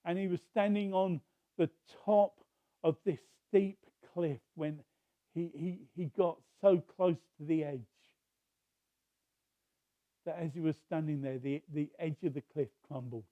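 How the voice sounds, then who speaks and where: A man's voice: on the high side, steady tone, a little slow, mellow, dry recording, lo-fi sound. A man preaching a sermon, telling a story in a conversational way with restarts.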